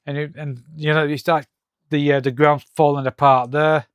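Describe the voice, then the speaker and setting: A man with a fairly high, smooth voice that comes across dry and close. He talks in a halting, hesitant way, full of fillers and restarts, and reads the comic's lines aloud in his own voice. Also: level tone, no room sound. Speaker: comic reviewer. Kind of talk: casual comic-book walkthrough.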